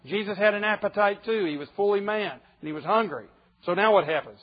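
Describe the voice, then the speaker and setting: A man's voice: high voice, fairly quick, highs cut off. A man preaching a sermon, emphatic and pressing his listeners with rhetorical questions.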